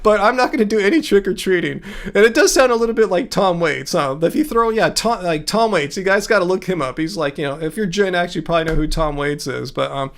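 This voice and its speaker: A man's voice: high voice, fast talker, few pauses, fairly bright tone. A man hosting a livestream in casual chat, joking, laughing at himself and reacting to comments from chat. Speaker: livestream host.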